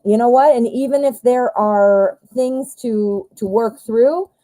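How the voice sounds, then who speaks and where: A woman gives a live tarot reading from home, her voice warm and mellow. She talks in a chatty, upbeat way, cheering on the person she reads for. The sound is dry, with no room echo. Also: on the high side, slow. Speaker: tarot reader.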